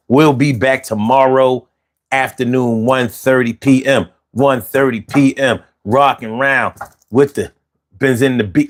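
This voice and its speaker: A man in hosts his own livestream, chatting loosely with his viewers. He sounds tired, often repeats and restarts his words, and his voice sits at an ordinary middle pitch. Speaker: livestream show host. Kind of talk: casual livestream chat.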